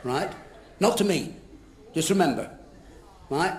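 A man's voice: on the high side, animated, a little slow, a little mellow. An older man performing as the straight man of a live comedy double act, scolding his partner in a mock-stern, exasperated way. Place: large theatre stage before a laughing audience. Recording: echoey live theatre recording with audience noise.

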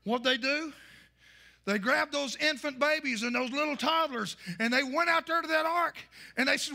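A male pastor, preaching a fiery sermon and shouting his points. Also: very high voice, normal speed, creaky.

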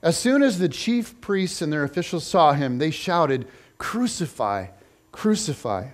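A man reading a scripture passage aloud in an expressive, measured way. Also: a little high. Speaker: scripture reader.

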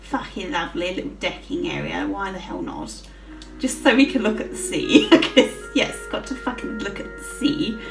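A woman's voice: medium pitch, expressive, moderate pace, vocal fry, far from the mic. A woman giving casual gameplay commentary, swearing freely and giggling often as she plays. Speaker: gaming channel host. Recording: roomy with faint music.

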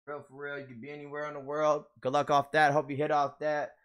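A man's voice: a little high, level tone, quick pace, a bit bright, clean tone. A young man casually opening trading card packs for his viewers, hyped and slangy, laughing often. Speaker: card pack opener. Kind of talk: casual pack-opening vlog.

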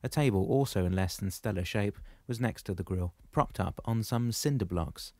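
A man reading a novel aloud in a steady, measured storytelling manner. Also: on the low side, no echo, clean studio sound. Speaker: audiobook narrator. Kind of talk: scripted narration.

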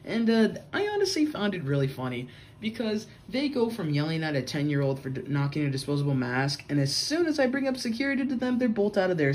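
A man's voice: a little high, a little hiss or hum. A young man telling a casual story-time vlog, rambling with many fillers and a loose, chatty way of talking. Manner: rambling, filler-heavy, says "bro". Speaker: vlogger.

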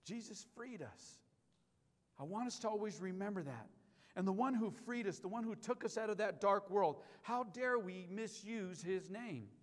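A male pastor delivers a sermon in a high, ringing voice. He stresses key lines and puts questions to the church. The live stream carries a long reverb from the sanctuary. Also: expressive, normal speed. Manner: emphatic preaching, repeats key lines, asks the church questions.

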